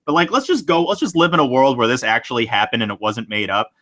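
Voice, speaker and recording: A man's voice: mid-range voice, fast talker, a bit bright. A man hosting a podcast, chatting casually and loosely with many fillers as he reads listener stories. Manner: loose and rambling, many fillers, laughs easily. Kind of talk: casual chat.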